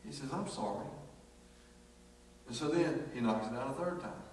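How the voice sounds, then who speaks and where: A man's voice: medium pitch, moderate pace, slight background noise. Folksy man preaching in an echoey hall. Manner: folksy, animated storytelling with acted quotes. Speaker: pastor. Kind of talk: storytelling sermon. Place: church sanctuary. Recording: echoey church hall from far off.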